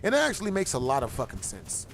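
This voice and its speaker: A man's voice: mid-range voice, huge pitch swings, fast talker, gravelly, slight background noise. A man streaming a game and telling a profane, slangy story in casual chat, laughing and coughing often. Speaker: gaming streamer.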